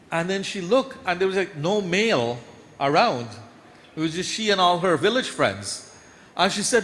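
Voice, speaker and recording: A man's voice: sits high, normal speed. Man telling temple stories in an echoey hall. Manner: lively storyteller, voice climbs when acting out scenes. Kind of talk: storytelling sermon. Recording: echoey hall with faint background noise.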